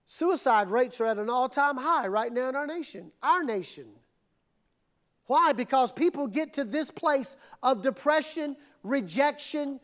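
A male pastor with a strikingly high-pitched voice delivers a sermon. He builds from quiet, measured reflection to impassioned outbursts, voicing desperate prayers aloud. He sounds middle-aged and fully invested in the preaching. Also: expressive.

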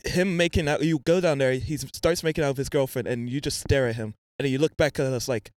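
A man's voice: mid-range voice, fast, no echo. A man in casual chat who jumps in to add his side of a friend's story.

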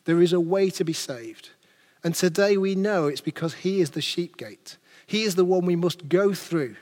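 A man's voice: on the high side, a little mellow, in a large hall. A man preaching a sermon as pastor, earnest and building his points through rhetorical questions.

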